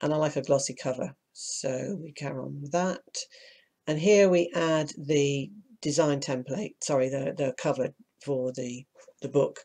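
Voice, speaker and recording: A voice, croaky and gravelly from hay fever, talks through an on-screen tutorial. The delivery is practical and step by step, with a mid-range pitch and the odd grumble about fiddly steps. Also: steady tone, a little slow, dark tone. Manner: practical, explains step by step, mild asides of annoyance. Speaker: self-publishing tutor. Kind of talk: screen-recorded tutorial walkthrough.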